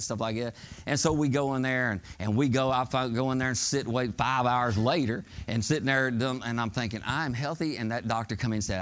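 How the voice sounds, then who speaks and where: A middle-aged man preaching a sermon in church, telling folksy stories and building to shouted exhortations. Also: mid-range voice. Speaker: pastor. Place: church sanctuary.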